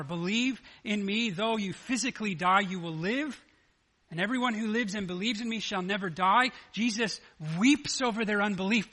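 Bright, high-voiced male preacher. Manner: animated, acts out the scripture dialogue in lively voices. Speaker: pastor. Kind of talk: sermon.

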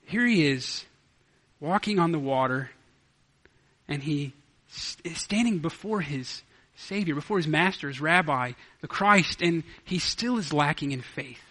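A man preaching a sermon as pastor, swinging from loud declarations to hushed asides. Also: fairly high pitch, lively intonation, a little slow.

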